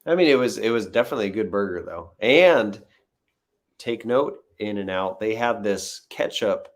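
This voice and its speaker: A man's voice: fairly low pitch, lively intonation, normal speed. A man, a visiting guest, chatting casually on a live stream and telling rambling stories full of fillers. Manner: rambling, filler-heavy storytelling.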